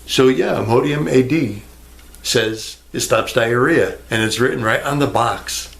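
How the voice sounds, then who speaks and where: A man's voice: medium pitch, unhurried, creaky, a bit bright. A man ranting to the camera in a rambling, sarcastic way, swearing freely and answering an imagined viewer. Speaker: vlogger. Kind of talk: rambling casual rant to camera.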